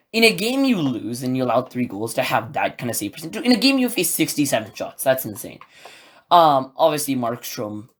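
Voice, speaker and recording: A man talks alone into his podcast mic in a mid-range voice, neither high nor low. He is excitable and rambling and packs his sentences with filler words. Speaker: podcast host. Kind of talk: solo podcast commentary, casual.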